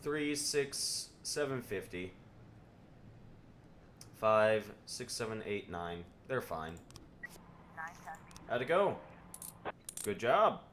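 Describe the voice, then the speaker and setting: Animated, bright-voiced male streamer. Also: fairly low pitch, drawn-out words, pauses often, a little hiss or hum. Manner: animated, reads game text aloud and jokes. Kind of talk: casual gameplay commentary.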